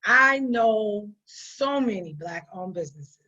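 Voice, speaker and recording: A woman's voice: medium pitch, animated, slow, sharp tone. A woman business owner giving conversational business advice in an emphatic way, often repeating her points for stress. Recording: dull lo-fi sound.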